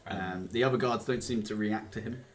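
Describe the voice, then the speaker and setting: A man's voice: on the low side, brisk. A man narrating a tabletop game as game master, in a casual, hesitant way with many fillers.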